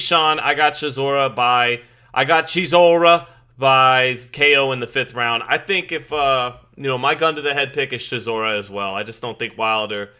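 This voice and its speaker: A man's voice: medium pitch, bright, forceful tone. A man in his thirties hosting a live boxing watch party, chatting casually and greeting viewers in the chat. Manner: chatty, greets chat members, frequent restarts. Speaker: live stream boxing host. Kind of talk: casual live-stream commentary.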